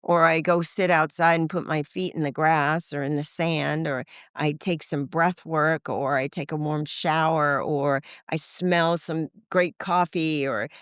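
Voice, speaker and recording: An older woman speaking as a podcast guest, frank and animated, swearing casually and acting out the voices in her stories. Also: sits low, a little slow, few pauses, clean tone, no room sound, studio quality. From United States. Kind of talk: candid conversational interview.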